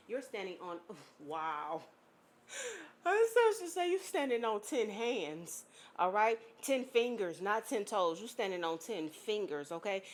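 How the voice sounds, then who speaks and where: A woman giving a spiritual reading to an unseen viewer, emphatic and blunt, swearing casually and checking in again and again with "okay?". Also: mid-range voice. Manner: emphatic, keeps checking in with "okay?" and "all right?". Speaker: psychic reader.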